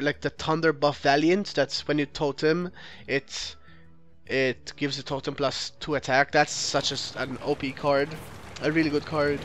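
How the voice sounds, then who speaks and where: The voice is a man's, fairly high and fairly bright. He narrates his own card game run as a let's play host, thinking aloud, correcting himself partway through sentences, and dissecting what his opponent plays.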